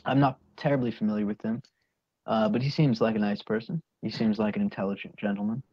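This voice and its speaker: Male call guest, lively and animated, dry, muffled lo-fi audio. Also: lowish voice, fast, dry recording. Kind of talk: casual livestream chat. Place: online voice call.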